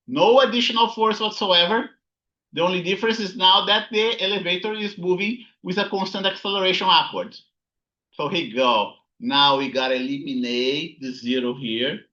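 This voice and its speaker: Male physics instructor, deliberate pace, bright tone, muffled lo-fi recording. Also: fairly high pitch. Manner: thinking aloud, frequent "okay?" and "right?" checks. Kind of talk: recorded lecture with slides.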